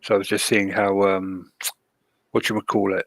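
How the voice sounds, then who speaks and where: An easygoing man co-hosts a podcast, rambling through his explanations. His voice is low with a forceful edge. The sound is close and dry. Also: flat delivery, moderate pace, dry recording. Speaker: podcast co-host. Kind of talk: casual chat.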